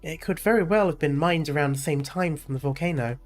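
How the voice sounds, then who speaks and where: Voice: medium pitch, fairly quick, faint music behind, close to an everyday voice. A streamer reading out a cautious man in a game's story, hedging and reluctant in an everyday voice.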